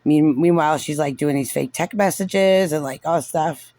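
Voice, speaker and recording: A man's voice: on the high side, moderate pace, dark tone, no room sound. A man giving casual, sarcastic and frustrated reaction commentary on a recorded meeting, saying "like" constantly. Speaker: parent reviewing a recorded meeting.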